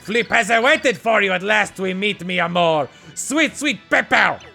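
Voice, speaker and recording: A swooning pixel sprite croons in a hammy mock French accent, as a man puts him on. The voice rides high and bright with a lively, sweeping lilt and a gravelly edge. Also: soft background music, full character voice. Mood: romantic. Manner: theatrical, romantic, drawn-out. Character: lovesick male pixel sprite, dramatic.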